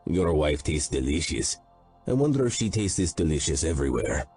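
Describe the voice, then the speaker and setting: A man's voice: rumbling low, sing-song, moderate pace, dark tone, slightly rough, faint music behind, heavily acted. A man voicing a menacing, taunting male Russian mob underboss with a Russian accent in an audiobook. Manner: sneering, threatening. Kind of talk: audiobook character voice.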